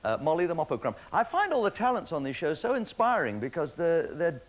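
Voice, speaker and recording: A man's voice: fairly high pitch, wildly swooping pitch, a little fast, rough recording. A man hosting a TV talent show, presenting acts with wry, mock-flustered jokes. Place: TV studio.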